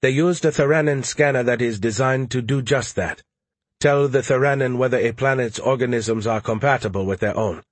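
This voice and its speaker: A man voicing a male officer explaining things in a steady, matter-of-fact way. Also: mid-range voice, normal speed, no room sound, close to an everyday voice.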